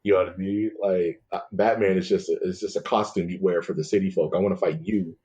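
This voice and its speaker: A laid-back man hosts a podcast with a husky, somewhat low voice. He keeps things loose and jokey, peppering his casual chat with "man" and "dude". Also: fairly even intonation, fast talker, warm tone. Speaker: podcast host.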